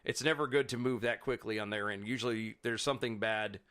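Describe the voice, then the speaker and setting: A man's voice: lowish voice, a little fast, a crowd in the background. A man co-hosting a casual political podcast, rambling and restarting his sentences. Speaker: podcast co-host.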